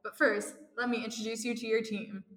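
A mysterious, menacing voice calling on the phone, read aloud by a woman in her own voice. It speaks in a stiff, ominous read-aloud manner, a little high. The room is echoey, with a long reverb trailing each line. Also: steady tone, brisk, fairly bright tone, lightly acted.

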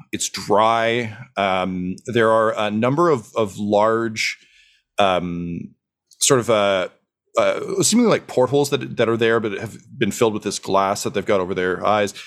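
A man's voice: on the low side, measured pace. A man running a tabletop game as game master, narrating with many hesitations and fillers.

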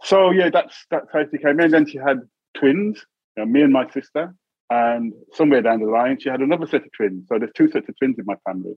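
A man in his sixties from England, an interview guest telling family stories in a relaxed way, chuckling often and acting out voices. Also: mid-range voice, brisk, no echo. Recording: tinny phone-like line.

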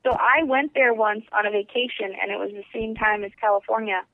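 A woman's voice: mid-range voice, fairly even intonation, a little fast, no echo. A woman co-hosting a podcast with dry, teasing, matter-of-fact remarks. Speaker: podcast co-host. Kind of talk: casual podcast chat. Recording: tinny phone line.

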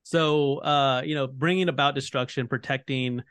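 A man co-hosts a casual podcast, explaining fantasy game lore in a loose, rambling way full of fillers. His voice sits at an ordinary middle pitch. The recording is dry, with no room sound. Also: fairly even intonation, moderate pace, a bit bright, clear, resonant tone, no room sound. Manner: rambling, heavy on fillers like "you know" and "like". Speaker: podcast host.

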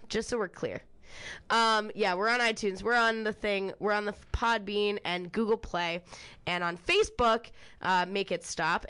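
A woman's voice: medium pitch, a bit bright. A woman co-hosting a casual podcast, swearing freely and sarcastic, breaking into laughter. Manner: profane, sarcastic, laughs a lot. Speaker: podcast co-host.

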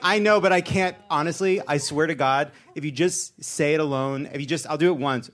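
A man with a slightly higher voice hosts a live comedy talk show. He jokes in a wry, profane way in front of an audience. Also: a little fast, hardly any pauses, a crowd in the background. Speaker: host. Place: stage before a live audience.

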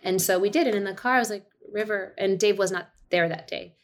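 A woman in her thirties tells a family anecdote as a podcast guest. She is animated and acts out the voices she quotes, and her voice sits at a middle pitch. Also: brisk. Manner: animated storyteller, acts out quotes, laughs easily. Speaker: podcast guest, actor and director. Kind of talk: casual storytelling chat.

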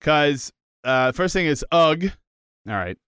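A man co-hosting a casual podcast, rambling and poking fun at himself. His voice is smooth and clear. The sound is dry and close, with no room in it. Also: on the high side, expressive, takes it slowly, fairly bright tone, no echo. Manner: rambling, self-deprecating, jokey. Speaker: podcast co-host. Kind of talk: casual comedic chat.

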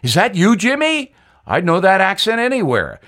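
A man's voice: sits high, huge pitch swings, normal speed, a bit bright, voice pushed up, full character voice. A man doing a confused, whiny old president. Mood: befuddled. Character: confused, bumbling older male president.

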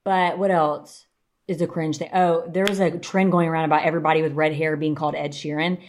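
A young woman co-hosts a podcast, telling stories in an animated, swearing, casual way and acting out quotes. Her voice is low-pitched and brisk, with slight background noise behind it.

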